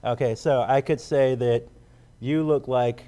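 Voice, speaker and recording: A man's voice: medium pitch, fairly even intonation, unhurried, dark tone. A man from the Gila River area of Arizona doing stand-up comedy and then talking in an interview, chatty and full of fillers. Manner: chatty, many fillers, laughs between jokes. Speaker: comedian, guest.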